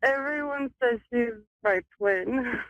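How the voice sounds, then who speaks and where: A woman calling in for a reading, giving short, soft replies. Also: fairly high pitch, slow pace, dull audio. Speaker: caller. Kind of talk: phone-in reading.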